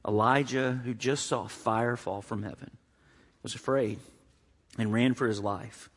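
A man preaching a sermon as pastor, an animated storyteller who jokes and acts out the quotes. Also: mid-range voice, a little slow, big-room sound.

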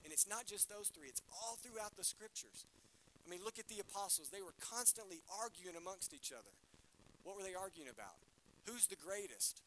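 Bright-voiced preacher in a church. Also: male voice, sits high, expressive, a little fast, slight background noise, rough recording. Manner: preaching to a congregation, asking them questions. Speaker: pastor. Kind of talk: sermon. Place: church hall.

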